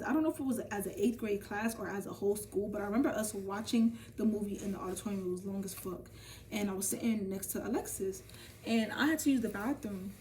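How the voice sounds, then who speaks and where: A young woman telling a casual storytime vlog, animated and profane, talking straight to her viewers. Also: mid-range voice, recorded from a distance. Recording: voice from off the mic, faint ambient noise.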